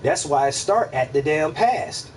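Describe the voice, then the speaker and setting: A man hosting a casual livestream, musing out loud in a rambling, profane way, repeating himself and answering his chat. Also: fairly high pitch, animated, measured pace, distant mic, slight background noise, low-quality recording. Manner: rambling, profane, repeats himself, asks listeners if they follow. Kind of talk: casual philosophical monologue.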